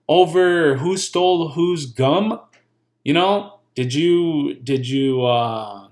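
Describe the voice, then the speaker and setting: A man casually explaining legal paperwork, blunt and joking, repeating his points and swearing now and then. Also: on the high side. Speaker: channel host giving legal pointers.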